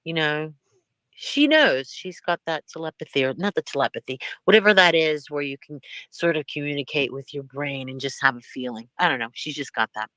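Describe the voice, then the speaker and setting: A woman's voice: deep voice, brisk, hardly any pauses, sharp tone, no room sound. Rambling, laughing middle-aged woman. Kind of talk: casual chat.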